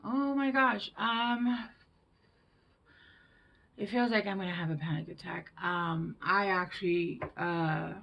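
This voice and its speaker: A woman giving a tarot reading to her viewers, gentle and reassuring, with hushed whispered asides. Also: on the low side, steady tone, slow, vocal fry, long pauses, lo-fi sound. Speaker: tarot reader.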